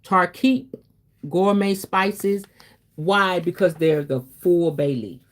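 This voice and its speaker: A woman's voice: lowish voice, slow pace. A woman hosting a casual spiritual talk, chatty and preachy, often calling listeners baby and checking in with okay. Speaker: spiritual reader and host.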